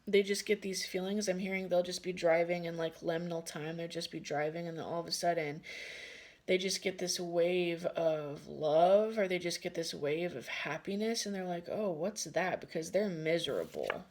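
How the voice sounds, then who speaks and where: A woman's voice: fairly low pitch, moderate pace, a little mellow. A woman giving a casual tarot reading who laughs often and swears freely. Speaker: tarot card reader.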